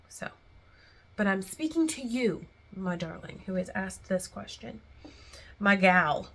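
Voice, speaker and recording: Woman, faith vlogger, gravelly voice, husky tone, earnest, chatty and rambling. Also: on the low side, normal speed, pushed and bright. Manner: earnest and heartfelt, close to tears at times; chatty and rambling between thoughts. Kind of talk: casual faith talk to camera.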